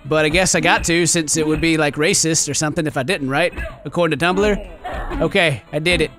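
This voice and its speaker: A man giving gameplay commentary in a giggly, excitable, mock-dramatic way. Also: fairly high pitch, a little fast. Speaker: gaming YouTuber.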